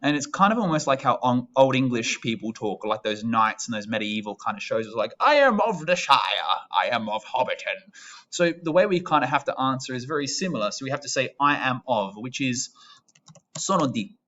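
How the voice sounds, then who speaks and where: A man's voice: medium pitch, expressive, a little fast, bright, forceful tone, dull audio. A young Australian man in his twenties, a teacher who explains an Italian lesson step by step in a patient, chatty way. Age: 20s. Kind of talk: recorded classroom lesson.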